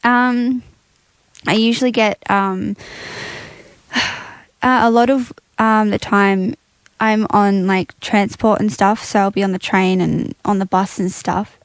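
A woman's voice: medium pitch, fairly even intonation, measured pace, no echo. Giggly, hesitant young woman. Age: late teens. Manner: giggly, hesitant, full of ums. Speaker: guest. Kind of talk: casual interview answers.

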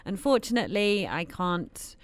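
A woman hosting a daytime radio show, chatting in an animated way. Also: medium pitch, normal speed, no room sound. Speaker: radio host. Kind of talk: casual radio chat.

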